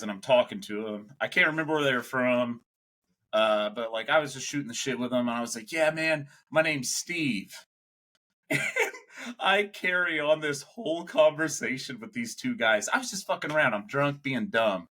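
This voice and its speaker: A young man with a bright, forceful voice tells a long, rambling story on a podcast. He swears freely and laughs between lines, in easy casual chat at an ordinary pitch. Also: lively intonation, normal speed. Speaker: podcast co-host.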